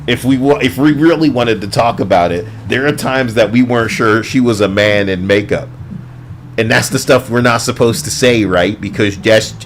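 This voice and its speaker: A man's voice: mid-range voice, normal speed, a little hiss or hum. A man giving a heated, profane, sarcastic movie review as a ranting vlogger.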